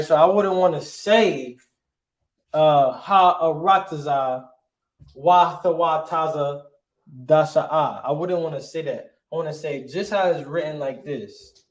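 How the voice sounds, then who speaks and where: Brief: male teacher, slightly higher voice, casual, peppers with "right?", echoey room. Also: darkish tone. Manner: casual, says "right?" constantly, sounds out words slowly. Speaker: Hebrew teacher. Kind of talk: online language class.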